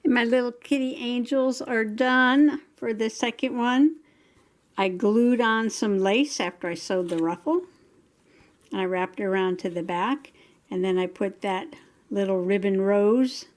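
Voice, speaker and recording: A middle-aged woman hosting a casual crafting vlog, chatting to herself as she works, sometimes dropping into whispered asides. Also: medium pitch. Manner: chatty, talking to herself while working, some whispered asides. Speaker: crafting channel host. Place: home craft table.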